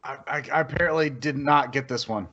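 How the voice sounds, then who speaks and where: A man with a bright, husky voice and a fairly high pitch chimes in with puzzled, quick remarks. His remote call audio sounds dull and muffled. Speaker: guest. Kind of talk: casual podcast banter.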